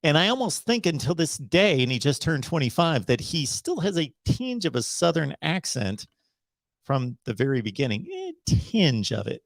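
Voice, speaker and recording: A middle-aged man hosting a sports call-in livestream, talking emphatically and slowing down to drive his points home. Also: fairly high pitch, sing-song, vocal fry, no room sound. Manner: emphatic, preachy, slows down to stress points. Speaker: host of a college football call-in show. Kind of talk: casual livestream monologue.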